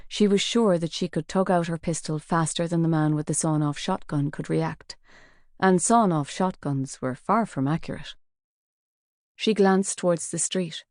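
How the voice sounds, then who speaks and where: Mellow-voiced woman narrating an audiobook. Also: lowish voice, normal speed, no room sound, studio quality. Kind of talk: scripted narration.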